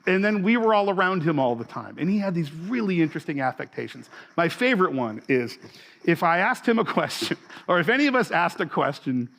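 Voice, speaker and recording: A man's voice: a little high, sing-song, a little fast, a bit bright. A man in his forties, a pastor, giving a sermon in a loose conversational way with many fillers and restarts.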